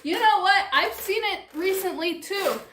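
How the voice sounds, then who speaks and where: A woman's voice: extremely high pitch, a little slow, sharp tone, roomy sound, slight background noise, pitched above the performer's own voice, exaggerated voice. A woman playing a melodramatic middle-aged mother. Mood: dramatic.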